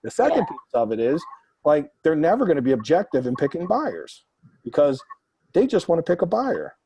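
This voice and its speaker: A man hosting a group Q&A, telling blunt, animated stories full of quoted dialogue. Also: a little high, a little fast, creaky, a little hiss or hum, rough recording. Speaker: real estate investor and mastermind host. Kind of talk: casual group Q&A coaching.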